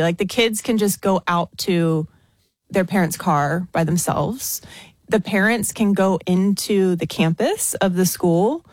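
An American woman from the States, a guest talking in a chatty, expressive way on a podcast. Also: medium pitch, no room sound. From United States. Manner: chatty and expressive, laughs often. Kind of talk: casual podcast chat.

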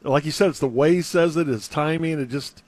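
A man's voice: a little high, a little fast, a little mellow, no room sound. A man co-hosting a show in a casual, agreeable chat. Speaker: co-host.

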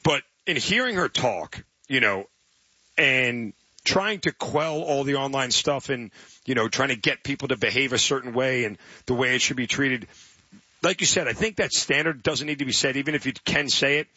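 A man's voice: medium pitch, moderate pace, sharp tone, slightly rough, no room sound. A man co-hosting a sports radio show in casual chat, telling stories eagerly and stumbling over his words. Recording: dull lo-fi broadcast sound.

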